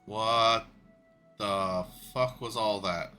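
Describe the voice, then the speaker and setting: Male gamer streaming, very bright sharp voice, slow unhurried talk, swears a lot, faint music behind. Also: on the low side, fairly even intonation, smooth. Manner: flustered, swears freely, talks to himself. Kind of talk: casual gaming livestream chat.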